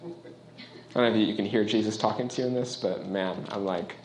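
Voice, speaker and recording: A man's voice: lowish voice, fast, a little mellow, a little hiss or hum. Conversational male pastor preaching in an echoey room. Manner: conversational, emphatic, asks listeners questions. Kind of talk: sermon. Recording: roomy echo.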